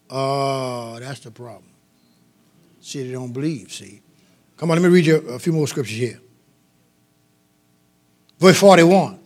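A man preaching a lively call-and-response sermon to a congregation, shouting some lines and dropping others to a low murmur. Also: unhurried, long pauses. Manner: sings out phrases, shouts and drops to low murmurs, laughs with the congregation. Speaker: pastor.

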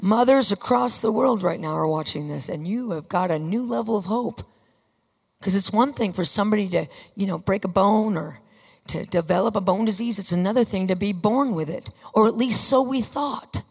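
A woman preaching a sermon with fervor, often rising to emphatic shouts. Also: medium pitch, moderate pace, gravelly, husky. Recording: long reverb of a large hall.

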